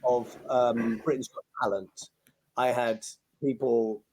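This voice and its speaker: British male magician, chatty anecdotal guest, mid-pitched, lively and a bit sweary. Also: slow, slight background noise. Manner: animated, swears freely, acts out quoted lines. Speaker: podcast guest, magician and compere. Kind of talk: anecdotal storytelling interview.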